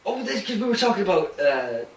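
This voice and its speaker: A man's voice: high voice, sing-song, fairly quick. A man co-hosting a podcast in a put-on Canadian accent, rambling in casual chat with easy swearing and frequent laughter. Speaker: podcast co-host. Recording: roomy room, distant mic, faint ambience.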